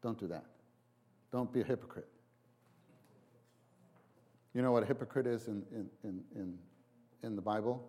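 A man preaching a sermon, halting and repeating himself, then acting out quotes with sudden big jumps in voice. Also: lowish voice, dark tone. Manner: halting restarts, repeats words.

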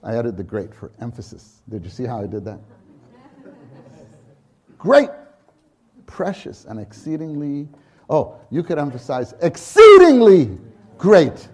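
A man preaching a sermon at a conference, unhurried and halting, with many restarts and sudden fervent rises. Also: mid-range voice, warm tone, breathy edge.

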